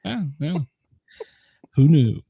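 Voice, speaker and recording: Lively, husky middle-aged male host. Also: a little high, slow pace, dry recording, phone-quality sound. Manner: chatty storyteller, laughs often, animated. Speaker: podcast host. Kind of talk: casual chat.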